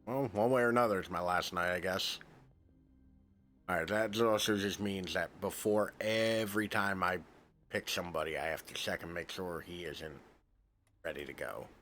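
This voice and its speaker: A man's voice: deep voice, moderate pace, fairly bright tone. A man streaming a game, reading its text aloud and breaking off into joking, swearing asides.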